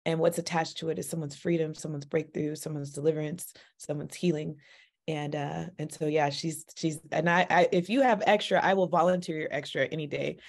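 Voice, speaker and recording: A woman telling a personal faith story in a chatty, animated way, with sudden jumps in pitch and speed and plenty of "like" and "you know.". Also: fairly quick. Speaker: mother sharing a personal testimony. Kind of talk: casual faith testimony storytelling.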